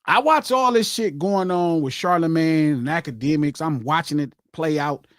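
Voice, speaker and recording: A man hosting a podcast, telling a personal story in casual chat, animated and repetitive, acting out what people said. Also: on the high side, normal speed, dry recording, studio quality. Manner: animated, repeats himself, acts out quotes. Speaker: podcast host.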